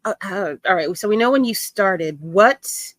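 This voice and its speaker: A woman's voice: mid-range voice, expressive, measured pace, fairly bright tone, dry recording. A woman hosting an interview, upbeat and a little hesitant, with frequent ums. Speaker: interview host.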